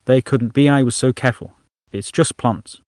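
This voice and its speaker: An earnest, careful human cook, easily flustered, played by a male narrator. A plain mid-pitched man's voice, heard dry and close. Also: normal speed, darkish tone, no echo, close to an everyday voice. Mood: anxious.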